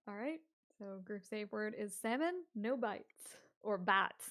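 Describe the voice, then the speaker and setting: A woman's voice: mid-range voice, lively intonation, takes it slowly, a bit bright. A woman running a tabletop game over a voice call, giggling often between lines. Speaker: game master.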